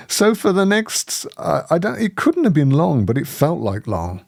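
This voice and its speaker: A man hosting a spiritual community, telling a personal story in lively conversation, often laughing and restarting his sentences. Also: on the high side, measured pace, vocal fry, few pauses, dry recording, clean studio sound.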